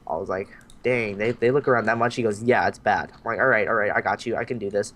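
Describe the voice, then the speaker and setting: On his podcast, a young man with a lowish voice tells a story at a quick pace. Casual and animated, he acts out voices of the people in it and doesn't hold back on swearing.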